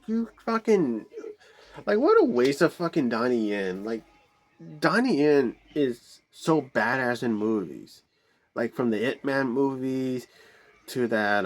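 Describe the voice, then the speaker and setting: A man giving a casual, rambling movie review, swearing a lot, with many fillers and restarts and exasperated outbursts. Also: mid-range voice.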